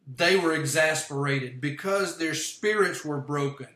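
A man's voice: on the high side, unhurried, pushed and bright. A man leading a livestreamed Bible study, explaining word meanings step by step. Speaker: Bible teacher. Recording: echoey room.

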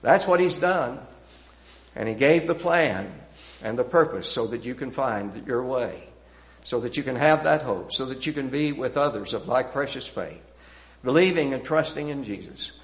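Middle-aged male preacher, earnest sermon delivery, emphatic builds, soft hushed phrase endings. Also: medium pitch, lively intonation, moderate pace.

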